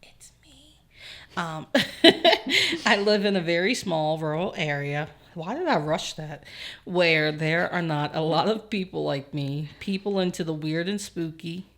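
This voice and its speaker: A young woman co-hosting a podcast, chatting casually, swearing and acting out her toddler in quick quotes. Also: deep voice, expressive, fairly bright tone. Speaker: podcast co-host. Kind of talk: casual chat, reading listener comments.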